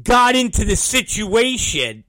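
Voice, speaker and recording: A man telling a profane story, acting out both sides of old conversations and mimicking others in low, mumbling voices. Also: very animated, takes it slowly, sharp tone, no echo, clean studio sound. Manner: acts out both sides of conversations, swears constantly.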